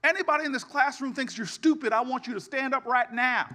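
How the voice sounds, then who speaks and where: A man's voice: very high voice, quick pace, sharp tone. A man voicing an impatient, scolding female schoolteacher in a story told during a speech.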